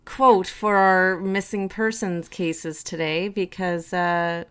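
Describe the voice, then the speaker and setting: A woman's voice: on the low side, level tone, slow pace, fairly bright tone, smooth. A woman co-hosting a comedic podcast, chatting casually with a wry sense of humor. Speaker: podcast co-host.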